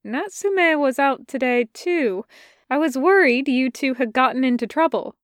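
A teenage girl with a crisp, earnest way of talking, voiced by a woman reading a story. Her voice is high and clear. The sound is dry and close to the mic. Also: lively intonation, a little slow, dry recording. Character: brisk, polite teenage girl on the phone.

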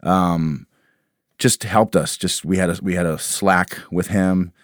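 Guy with a really deep smooth voice, rambly interview chat, lots of you knows. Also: fairly even intonation, slow, dry recording, studio quality. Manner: rambling, many restarts and "you know". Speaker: band member guest.

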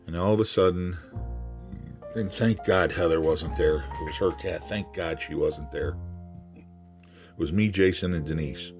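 A man from South Carolina casually telling a profane, animated anecdote. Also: low voice. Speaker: storyteller. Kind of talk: casual storytelling.

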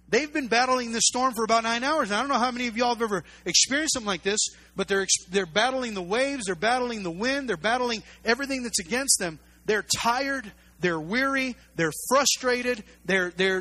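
A pastor preaching a sermon, emphatic and repetitive, full of rhetorical questions. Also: male voice, very high-pitched, sharp tone.

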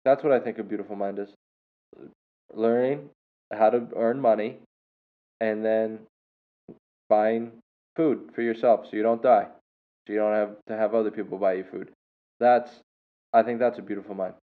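A man's voice: lowish voice, steady tone, normal speed, long pauses. Tinny-sounding man rambling casually. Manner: rambling, with many fillers and self-corrections. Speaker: podcast host and English teacher. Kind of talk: casual storytelling monologue.

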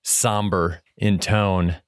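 A man in casual film discussion chat, talking in a thoughtful, measured way with some hedging. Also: low-pitched, steady tone, clear, resonant tone, no room sound, clean studio sound. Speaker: podcast co-host.

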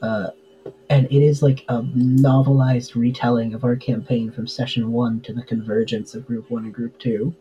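A man's voice: medium pitch, level tone, normal speed, highs cut off, slight background noise. A man chatting casually as a podcast guest, full of fillers and easy laughs. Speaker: podcast guest, tabletop game player. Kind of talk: casual interview chat.

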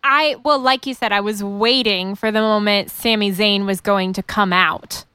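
A woman with an Indiana accent co-hosting a casual wrestling chat, playful and quick to agree. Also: mid-range voice, steady tone, pushed and bright, clean tone, dry recording. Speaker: wrestling podcast co-host.

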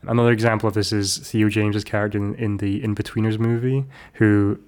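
A man's voice: on the low side, little pitch movement, fairly quick, darkish tone. A man co-hosting a podcast, recapping a film in a rambling, playful way with many restarts. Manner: rambling, self-correcting, playful. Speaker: podcast co-host. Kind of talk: casual chat recapping a film.

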